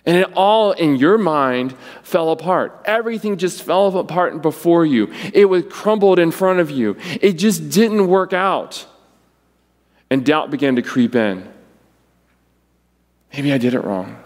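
A man preaching a sermon, acting out the quoted voices with wide swings in pitch. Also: animated, measured pace, long reverb tail. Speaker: pastor.

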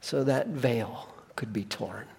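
A male pastor preaching a sermon, swinging from booming emphasis to hushed near-whispers and driving points home with repeated phrases. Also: takes it slowly, creaky, husky. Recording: long reverb of a large hall.

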